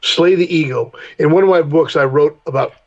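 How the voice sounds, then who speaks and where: A man's voice: a little high, moderate pace, muffled recording. A middle-aged man, a podcast guest, telling candid stories in a blunt, profane way and acting out heated confrontations. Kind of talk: candid storytelling interview.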